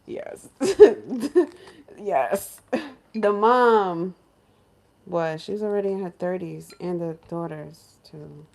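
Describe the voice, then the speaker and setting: A woman from New York, a lifestyle vlogger, telling a story in casual chat in her home kitchen, animated and laughing, acting out other people's voices. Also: fairly low pitch, extremely slow, creaky. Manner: animated, laughing, acts out crying voices in quotes.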